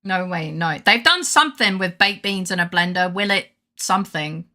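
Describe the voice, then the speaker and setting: A woman's voice: lowish voice, expressive, moderate pace, sharp tone. A woman streamer chatting casually during a game stream, rambling, swearing freely and going on rants. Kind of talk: casual gaming stream chat.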